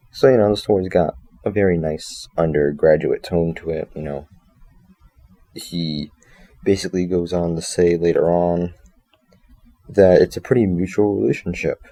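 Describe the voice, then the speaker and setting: A man's voice: low-pitched, warm tone. A man reviewing a story in a casual, rambling way, reading passages aloud and breaking off with joking asides and self-corrections.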